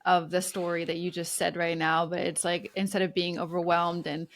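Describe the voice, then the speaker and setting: Flat, low-voiced woman host. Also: normal speed. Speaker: podcast host. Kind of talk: casual interview chat.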